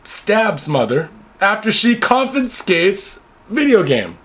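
A man's voice: high-pitched, very animated, slow, fairly bright tone. A man co-hosting a crude, joking podcast, reading news headlines aloud and riffing on them. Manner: crude, joking, reads headlines then riffs. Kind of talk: casual comedic podcast chat. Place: Japan.

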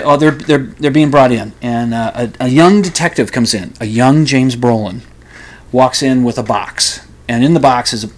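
A man casually reviewing a film, rambling and skeptical, trailing off often. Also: medium pitch. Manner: rambling, skeptical, many fillers and restarts.

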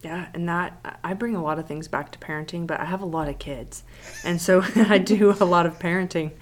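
Chatty woman podcast co-host, low voice. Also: fairly quick. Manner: chatty, animated storytelling with laughs. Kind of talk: casual chat.

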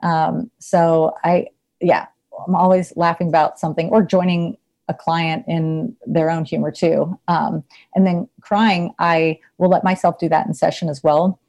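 A woman with a fairly low, mellow and relaxed voice talks as a therapist in a casual interview. She is chatty, laughs easily and fills her sentences with "like" and "you know." Her tone stays loose and unhurried. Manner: chatty, laughs often, many fillers. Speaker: therapist, podcast guest.

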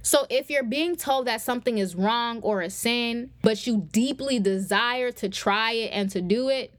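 Young woman podcast host, higher voice, casual faith teaching with a direct "y'all" delivery, close dry mic. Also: unhurried, no echo. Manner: conversational preaching, addresses listeners as y'all. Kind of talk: faith-based teaching talk.

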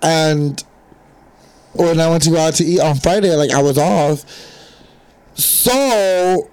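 A young woman in casual chat among friends, telling a story in an animated, profane way. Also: low-pitched, slow pace, clean tone.

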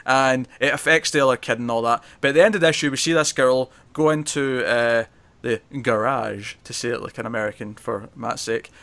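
Male host for a casual comic chat; bright, forceful voice, quick and rambling. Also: mid-range voice, smooth. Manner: animated, quick, chatty, trails off mid-sentence. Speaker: podcast host.

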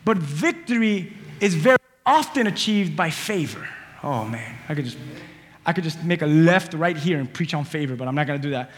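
A man preaching a sermon in an energetic, playful way, calling on the audience to answer back. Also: fairly high pitch, normal speed, husky. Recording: long hall reverb.

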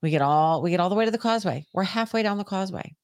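A woman co-hosting a podcast who tells stories in a loose, animated way and swears freely. She raises her voice when she acts out the scene. The recording is dry and close. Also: mid-range voice, very fast, no echo. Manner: animated storytelling, heavy swearing, shouts when acting out scenes. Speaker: podcast co-host. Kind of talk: casual chat.

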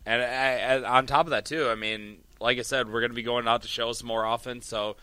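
A man's voice: mid-range voice, steady tone, brisk, bright, forceful tone, clean tone, no room sound. A man co-hosting a podcast, rambling in casual chat and playing along with jokes. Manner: rambling, lots of fillers and restarts, playful. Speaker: podcast co-host.

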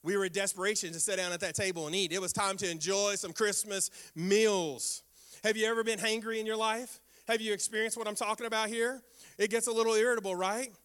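An older man, a pastor, preaching a sermon with animated storytelling and sudden exclamations. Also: high-pitched, fairly quick, clean tone. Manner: animated storytelling with sound effects and prayer.

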